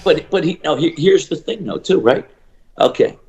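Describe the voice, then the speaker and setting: A middle-aged man, a shooting coach, telling stories in an animated interview and acting out the people he quotes. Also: on the high side, gravelly, muffled recording. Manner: acts out quoted voices, fast bursts and emphatic repeats.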